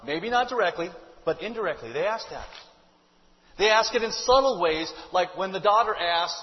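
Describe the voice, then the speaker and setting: Pastor, male, high voice, chatty sermon delivery with rhetorical questions, dull recording with long hall echo. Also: expressive, normal speed. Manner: conversational preaching with rhetorical questions.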